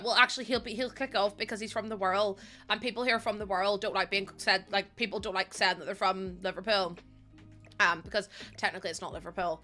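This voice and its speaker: Bright-voiced young woman streaming. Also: mid-range voice, steady tone, fast, soft background music. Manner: chatty, laughs often, reads chat aloud. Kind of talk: casual live-stream chat while gaming. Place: room at home.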